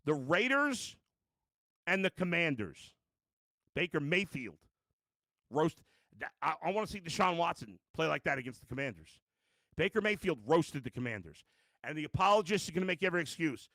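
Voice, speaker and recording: A middle-aged man hosts a live post-game sports show, ranting bluntly and cursing freely. His voice sits a little high, with a gravelly fry and a sharp, bright edge. The sound is dry and close, with little room in it. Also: big pitch swings, normal speed, pauses often, dry recording. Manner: blunt, heated, ranting with profanity; self-mocking asides, frequent restarts. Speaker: sports talk show host.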